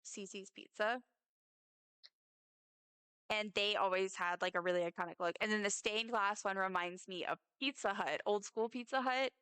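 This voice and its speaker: A young woman chats and rambles while streaming a game, tossing in self-mocking jokes. Her mid-range voice is a bit bright and clean at a normal speed, and the recording is dry.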